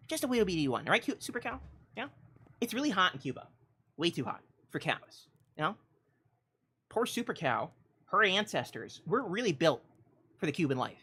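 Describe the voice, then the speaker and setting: A woman on a game livestream spins a mock-epic tale, lurching from loud, grand declarations to low, hushed asides and laughing along the way. Her voice sits fairly low but sounds bright and sharp. Her pitch leaps all over the place. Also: slightly rough. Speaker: streamer.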